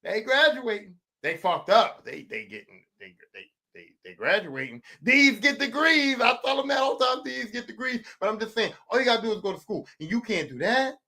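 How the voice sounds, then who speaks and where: A man's voice: high-pitched, animated, moderate pace, hardly any pauses, bright, forceful tone. A man, hosting a podcast with a profane, comedic rant that repeats lines for emphasis. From West Philadelphia. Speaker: podcast host.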